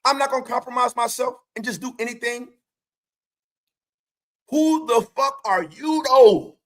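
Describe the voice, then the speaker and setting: A man's voice: extremely high pitch, unhurried, a bit bright. A man hosting his own stream, delivering a profane, confrontational rant full of taunting rhetorical questions. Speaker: streamer host.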